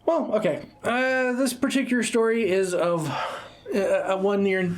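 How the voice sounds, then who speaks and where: A man's voice: high voice, fairly even intonation, unhurried. A man co-hosting a casual gaming podcast, who laughs often and repeats words as he talks. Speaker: podcast co-host. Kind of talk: casual chat about video games.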